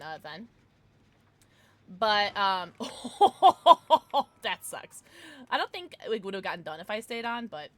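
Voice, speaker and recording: A young woman chats away as she streams a game, her pitch bouncing up and down. She rambles, curses, and reads her chat aloud in an easy, unscripted way. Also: pushed and bright. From Midwestern United States. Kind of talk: casual live-stream chat while gaming.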